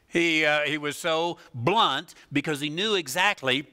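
A man preaching a sermon in a lively, animated way, asking rhetorical questions, laughing now and then, and often pausing with fillers and restarts. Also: a little high, clear, resonant tone. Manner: frequent filler words and restarts. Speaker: pastor.

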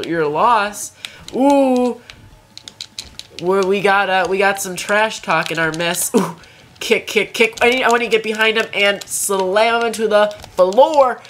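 A woman's voice: medium pitch, a bit bright, slight background noise. A young woman commentating her own fighting-game play, trash-talking opponents and crying out in frantic repeated protests. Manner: playful trash talk, frantic repeated cries. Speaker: let's play gamer. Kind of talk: excited gameplay commentary.

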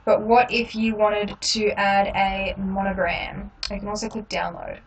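Woman walking through a software tutorial. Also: medium pitch, unhurried, far from the mic, slight background noise, low-quality recording. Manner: relaxed, explains each click with frequent ums. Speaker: tutorial host.

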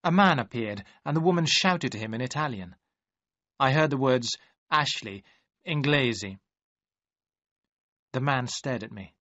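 A man's voice: medium pitch, no echo. Man narrating a story, dry sound. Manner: measured, even storytelling. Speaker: audiobook narrator. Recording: dry, slightly dull audio.

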